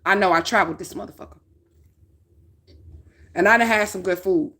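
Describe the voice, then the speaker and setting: A woman's voice: medium pitch, a little fast, fairly bright tone. A woman doing a casual tarot reading, talking bluntly with plenty of swearing and often checking in with "okay?". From northern United States. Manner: blunt, profane, checks in with 'okay?'. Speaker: tarot reader.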